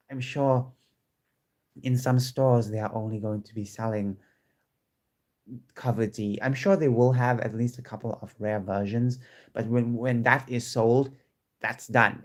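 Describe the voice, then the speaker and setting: A man talking casually to his viewers from home in a chatty, excitable way, often restarting his sentences. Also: mid-range voice. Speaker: vlogger. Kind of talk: casual chat to camera. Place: home room with squeaky chairs.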